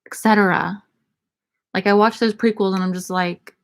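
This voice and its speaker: Young female streamer, irreverent and profane, gravelly vocal fry, casual viewer Q&A. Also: mid-range voice, steady tone, normal speed, long pauses. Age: young adult. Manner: irreverent, profane, laughing banter. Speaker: streamer answering viewer questions. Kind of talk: casual Q&A chat.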